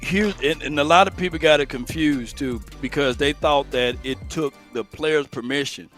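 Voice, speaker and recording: A man's voice: fairly high pitch, moderate pace, a bit bright, faint music behind. A man co-hosting a casual sports talk stream, chatty and explaining at length with laughs. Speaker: co-host, legal analyst.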